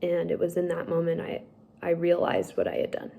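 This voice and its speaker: A young woman slowly telling a personal story, halting and emotional at times. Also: lowish voice, monotone, creaky, dark tone. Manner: slow, halting, tearful at times. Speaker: speaker sharing a personal story.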